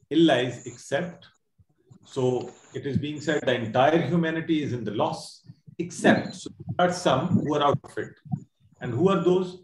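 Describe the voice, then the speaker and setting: A man's voice: mid-range voice, reverberant, background noise. A man teaching an online class, explaining words step by step, repeating himself and quizzing his students. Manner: explains slowly with many repeats and quiz questions. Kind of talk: online Quran word lesson. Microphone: video call.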